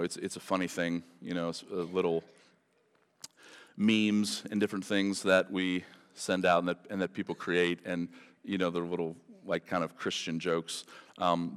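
A man's voice: deep voice, clean tone, in a large hall. A pastor preaching a sermon to his church, talking conversationally and then building to impassioned emphasis. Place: church service.

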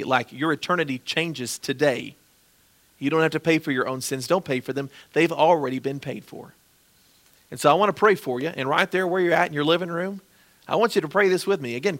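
A man preaching as a pastor, earnestly and gently pleading as he leads a closing prayer. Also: a little high.

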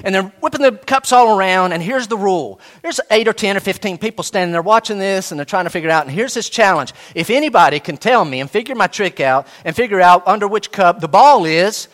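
Animated high-voiced male preacher. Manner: animated preaching with sudden soft drops and acted-out dialogue; slow emphatic repetition of key phrases. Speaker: pastor. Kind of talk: sermon.

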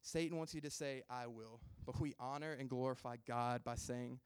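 A man's voice: mid-range voice, steady tone, moderate pace, smooth, no room sound. A man in his twenties giving a casual, self-deprecating sermon and chatting easily with his listeners. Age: 20s.

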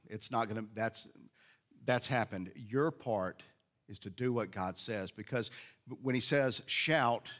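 A man's voice: fairly low pitch, fairly bright tone. A man preaching a sermon, retelling a story in a conversational way with frequent hesitations and restarts. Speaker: pastor.

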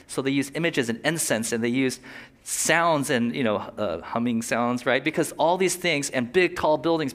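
A pastor delivers a sermon in a loose, talkative manner. His voice sits a little high for a man, and he breaks off into quick asides and short laughs. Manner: animated, conversational preaching with quick asides and laughs.

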